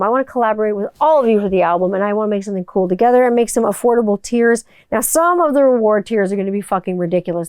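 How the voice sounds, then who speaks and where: A woman's voice: mid-range voice, darkish tone, dry recording, studio quality. A woman hosting her own podcast, talking casually and candidly, swearing freely and circling back through restarts. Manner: candid and profane, with rambling restarts. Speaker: podcast host. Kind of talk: casual solo podcast monologue. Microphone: studio microphone.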